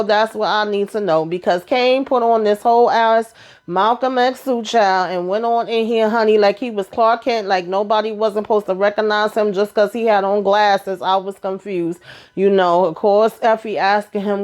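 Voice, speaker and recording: Animated chatty woman recapping TV drama. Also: mid-range voice, normal speed. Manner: animated, slangy storytelling with asides like "child" and "okay?". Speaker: TV episode recap reviewer. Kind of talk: casual chatty episode recap.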